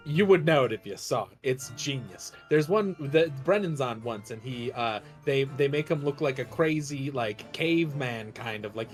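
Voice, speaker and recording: A man streaming a game, chatting casually in a rambling way, often laughing and breaking off his own sentences. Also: mid-range voice. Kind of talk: casual chat while playing a game.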